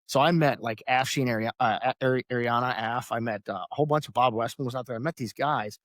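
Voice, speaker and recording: A man who is an Army veteran and a podcast guest, telling lively anecdotes with frequent laughter and acted-out quotes in casual conversation. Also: medium pitch, quick pace, no echo, clean studio sound. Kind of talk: casual storytelling.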